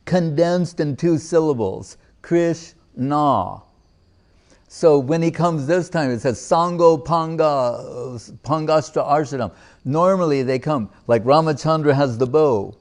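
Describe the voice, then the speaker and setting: A man's voice: fairly high pitch, darkish tone. A man giving a devotional lecture to a live audience as a spiritual teacher, reciting verses, explaining them, and asking rhetorical questions with light humor.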